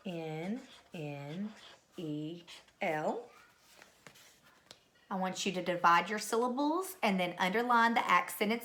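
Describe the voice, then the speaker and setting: A woman's voice: medium pitch, fairly bright tone, a little hiss or hum. A middle-aged woman teacher recording a spelling lesson at home, patiently calling out words and spelling them letter by letter.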